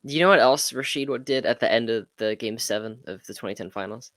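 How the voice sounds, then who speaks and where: A man co-hosting a podcast, chatting casually about sports and acting out quotes in an animated way. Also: mid-range voice, fast talker, no room sound, studio quality. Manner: animated, acts out quotes with swearing. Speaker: podcast co-host. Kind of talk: casual sports debate chat.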